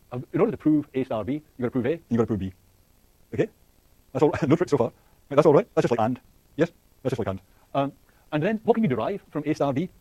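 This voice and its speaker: This university lecturer speaks fast in a dark, slightly husky voice, working things out aloud and often restarting or filling gaps. He throws questions at the students and gives soft laughs. There is no room sound; the audio is close and dry.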